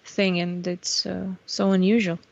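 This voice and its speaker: A woman's voice: fairly low pitch, level tone, a little slow, gravelly, darkish tone. A woman joining a stream who chats casually and asks curious questions. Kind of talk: casual chat. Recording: dry, dull lo-fi audio.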